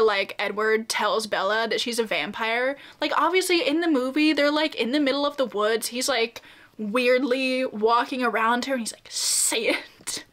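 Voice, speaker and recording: A woman's voice: a little high, a bit bright. A young woman chatting casually in a book vlog, bubbly and giggly, with lots of fillers. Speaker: book vlogger.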